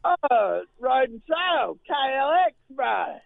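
A man's voice: very high-pitched, big pitch swings, slow pace, vocal fry, dry recording, exaggerated voice. A man doing a rowdy ocker Aussie bloke. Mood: rambling. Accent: broad Australian. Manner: loud, blokey, rambling, chants. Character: boozy ocker Aussie bloke on holiday, middle-aged. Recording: tinny phone line.

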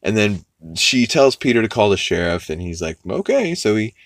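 A man's voice: on the low side, expressive, no echo, clean studio sound. A man hosting a podcast, rambling through a casual recap of a cartoon episode and swearing freely. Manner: rambling, quotes characters in quick put-on voices, swears freely.

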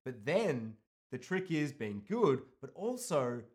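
A man in casual chat, animated and quick to laugh, with some casual swearing. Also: mid-range voice.

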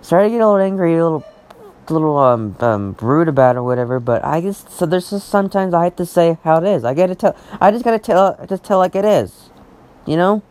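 Male vlogger, slightly high pitch, rambling personal rant, frequent restarts, swears when heated. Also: animated, fast talker, a little mellow. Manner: rambling, repetitive, frustrated, many restarts.

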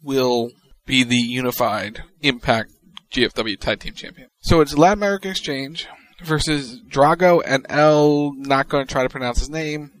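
Man, podcast co-host, casual chat, relaxed matter-of-fact delivery, mid-pitched voice. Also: moderate pace, hardly any pauses, no echo.

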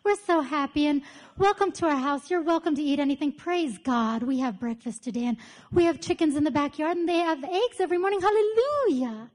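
A woman's voice: high-pitched, expressive, brisk, darkish tone. A woman putting on the voice of a bubbly, devout woman hosting guests, who keeps exclaiming hallelujah. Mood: gushing. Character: gushing, devout middle-aged woman host.

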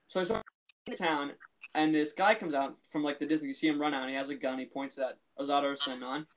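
A man's voice: a little high, steady tone, fast talker, fairly bright tone. A man co-hosting a podcast, talking in a chatty, amused way, full of "like" and restarts. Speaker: podcast co-host. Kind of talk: casual chat.

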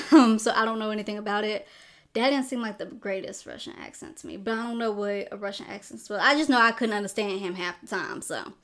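A woman's voice: mid-range voice, brisk, fairly bright tone. A young adult woman hosting a podcast, giving a casual, rambling movie review full of "like" fillers. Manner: chatty, rambling, lots of "like" fillers. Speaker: podcast host. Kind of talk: casual film review commentary.

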